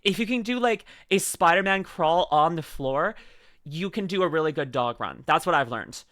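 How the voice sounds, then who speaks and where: A man's voice: fairly high pitch, expressive, moderate pace, fairly bright tone, dry recording, studio quality. A man streaming live, chatting casually and rambling playfully with lots of fillers while he reacts to a video.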